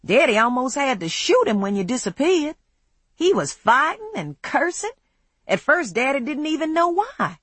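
A woman's voice: high-pitched, big pitch swings, moderate pace, a bit bright, dry recording, voice pushed up. A woman voicing a moody, controlling young man in an audiobook, speaking in a tense, clipped way. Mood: urgent. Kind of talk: audiobook character voice.

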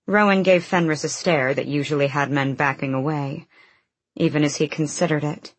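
A woman reading a fantasy novel aloud in an even, measured narration. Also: deep voice, breathy edge, no room sound. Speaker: audiobook narrator.

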